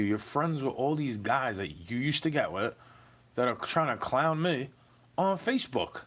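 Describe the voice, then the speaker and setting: Feeling wronged, a young man confronts the culprit in a profane rant to camera, throwing in "bro" repeatedly. His mid-range voice is sing-song and fairly bright, and he keeps a measured pace.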